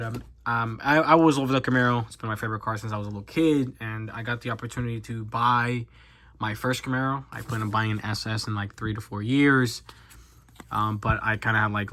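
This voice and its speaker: A man's voice: on the low side, pushed and bright, a little hiss or hum. A young man in his twenties chatting casually on his channel, rambling and self-deprecating with lots of fillers and restarts. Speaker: YouTuber. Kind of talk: casual chat while opening cards.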